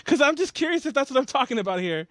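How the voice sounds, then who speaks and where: A podcast host talks casually with a very high, light voice. He rambles, laughs and defends himself. The sound is dry and close to the mic. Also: big pitch swings, racing, fairly bright tone, dry recording.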